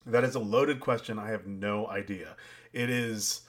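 A man's voice: on the low side, fairly even intonation, moderate pace, fairly bright tone. A man co-hosting a podcast, talking through a film's ending in a thoughtful, hedging way. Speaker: podcast co-host. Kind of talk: casual film review chat.

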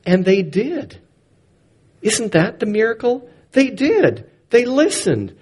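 A man delivering a sermon in an unhurried, deliberate way. His fairly high voice moves through a wide, lively range as he leans into key words and then drops low and quiet for emphasis. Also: husky. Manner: expressive, swings loud and soft for emphasis. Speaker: preacher.

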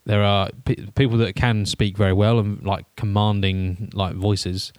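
A man co-hosting a podcast in quick, chatty casual conversation. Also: on the low side, little pitch movement, darkish tone, clear, resonant tone, no echo. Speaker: podcast co-host. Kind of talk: casual chat.

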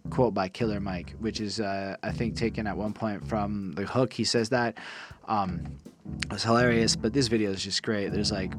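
A young man from Quebec giving a casual, profane review of a rap album, excitable and self-deprecating. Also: on the low side. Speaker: music reviewer. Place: his room.

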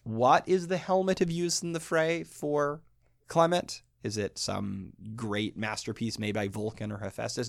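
A man teaching a lecture on poetry, animated and emphatic, who chants the rhythms of the lines aloud. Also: lowish voice, normal speed, creaky, dry recording, clean studio sound.

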